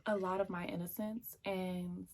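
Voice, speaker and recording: A young woman telling a personal story in casual, chatty vlog style, lively and slipping into whispered asides. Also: fairly low pitch, measured pace.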